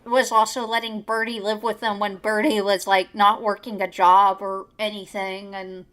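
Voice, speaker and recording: A woman's voice: mid-range voice, little pitch movement, moderate pace, fairly bright tone. A woman giving casual livestream commentary, indignant and rambling, full of fillers and restarts.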